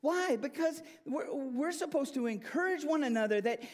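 A man preaching a sermon as pastor, emphatic and animated, often restarting and repeating words. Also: extremely high pitch, moderate pace. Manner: animated, emphatic preaching with rising and falling intensity.

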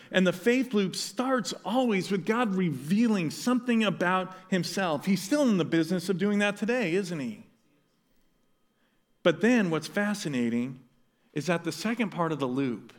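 A pastor preaching an animated sermon, acting out the lines of the people in the story. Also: male voice, high-pitched, long reverb tail. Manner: animated, acts out quoted dialogue.

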